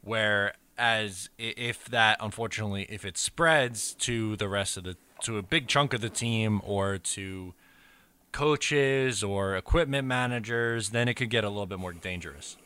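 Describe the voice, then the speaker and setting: A man's voice: fairly low pitch, unhurried, bright, forceful tone, smooth. A man co-hosting a casual sports podcast, speaking in an earnest, agreeable way. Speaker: podcast co-host.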